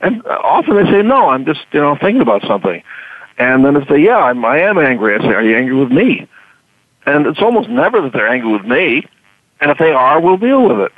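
A man in casual conversation, halting and repeating words as he starts his sentences. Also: fairly high pitch, very animated, dry recording. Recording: tinny phone line.

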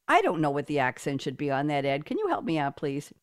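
Chatty woman podcast host, fairly low voice. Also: fast talker, hardly any pauses, dry recording, clean studio sound. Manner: chatty, animated storytelling. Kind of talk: casual interview chat.

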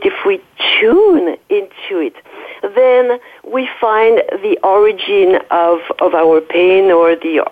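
A woman with a French accent explains her approach as a doctor, her thoughts tumbling out quickly and restarting often. Her voice comes through a thin, tinny phone line. Her pitch sits in the middle range. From France. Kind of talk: guest explaining on a call-in interview.

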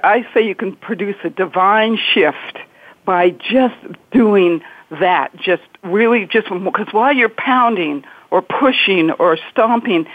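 A woman's voice: mid-range voice, a little slow, no room sound. A woman, a marriage and family therapist, giving earnest advice in an interview and acting out inner speech. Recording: tinny phone-line sound.

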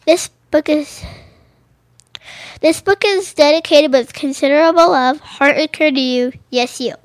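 A woman's voice: sits high, a little slow, no room sound. A woman reading children's picture books aloud, stumbling over and rereading phrases and adding casual comments of her own.

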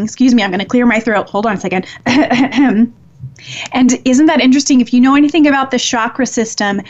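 A woman with a fairly high voice hosts a live spiritual reading stream. She speaks slowly and earnestly, softly, and laughs gently now and then. The sound is a little dull and muffled. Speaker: psychic reader hosting a live show.

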